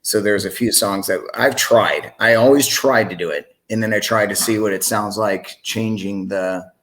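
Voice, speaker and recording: Low-voiced man telling a lively story. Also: moderate pace, slight background noise. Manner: animated, acts out the voices in the story he tells. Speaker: singer and sound engineer. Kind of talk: casual storytelling in a podcast interview.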